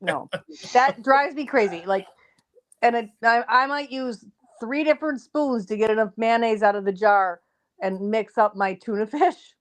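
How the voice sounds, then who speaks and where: A woman's voice: on the high side, moderate pace. A woman guest on a casual panel chat, speaking in a practical, matter-of-fact way.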